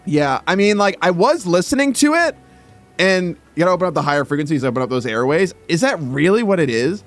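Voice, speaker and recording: A man's voice: sits high, sing-song, brisk, a bit bright, soft background music. A man chatting casually on his livestream, stammering through restarts and swearing as he talks. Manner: thinks aloud while adjusting his mic sound. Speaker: streamer.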